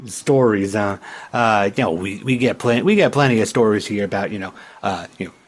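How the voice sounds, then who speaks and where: A man's voice: lowish voice, fairly quick, husky. A man voicing a folksy, talkative local townsman who rambles and stammers. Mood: rambling.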